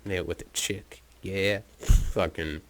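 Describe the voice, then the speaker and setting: A man's voice: low-pitched, steady tone, slow. A man telling a personal story in a rambling, profane, casual way into his own microphone, with chuckles and filler words. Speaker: podcast storyteller.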